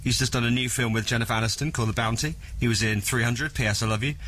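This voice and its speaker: A man's voice: medium pitch, steady tone, rapid-fire, fairly bright tone. A man hosting a radio show, chatting and teasing in casual banter. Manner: chatty, teasing, laughs often. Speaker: radio host. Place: radio studio.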